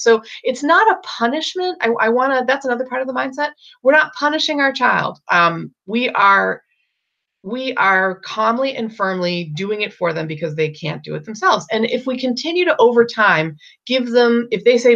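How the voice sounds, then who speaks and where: A woman's voice: on the high side, animated, moderate pace, pushed and bright. A woman in middle age giving casual parenting advice, thinking aloud with many ums and restarts. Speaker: parenting coach. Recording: dull lo-fi recording.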